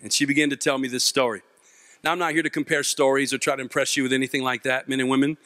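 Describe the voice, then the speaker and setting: A man giving a comic storytelling speech to a live audience as a youth mentor, animated and self-mocking, acting out the voices in his story. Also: medium pitch, racing, dry recording, studio quality. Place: event stage before a live audience.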